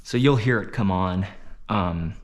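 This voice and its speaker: A man's voice: low voice, measured pace. A man talking casually while working in his garage, muttering and swearing under his breath, recorded on a head-mounted action camera. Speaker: DIY mechanic vlogger. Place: home garage workshop.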